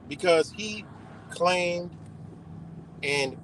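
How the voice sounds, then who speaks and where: A man's voice: on the high side, animated, normal speed, slight background noise. A man, ranting profanely and rambling through a casual livestream while he drives his car. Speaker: livestream host.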